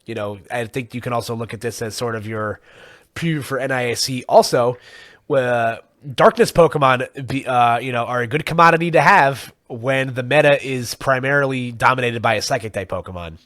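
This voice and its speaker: A man co-hosting a podcast, chatting casually at a middle pitch. He rambles, leaning on fillers and chuckling often. His voice sits close and dry on the mic, with no room sound. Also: fairly quick, a bit bright, dry recording. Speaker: podcast co-host. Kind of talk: casual chat.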